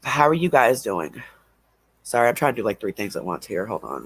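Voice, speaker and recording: A man's voice: fairly low pitch, big pitch swings, fairly quick, breathy edge. A man hosting a casual livestream, stuffy and sniffling from allergies, rambling and drawling with laughs between remarks. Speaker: livestream host.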